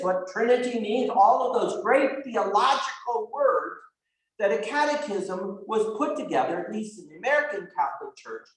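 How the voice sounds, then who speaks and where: A man in his sixties preaches to his congregation with a high, lively voice that leaps up and down as he throws questions at them. The sound rings with heavy echo from the church sanctuary. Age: 60s. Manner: animated, asks the congregation questions. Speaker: pastor. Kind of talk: sermon.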